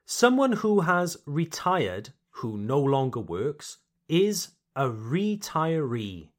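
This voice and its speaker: A man hosting a podcast lesson, teaching vocabulary slowly and deliberately and repeating each word for learners. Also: a little high, sing-song. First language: English. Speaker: English teacher and podcast host.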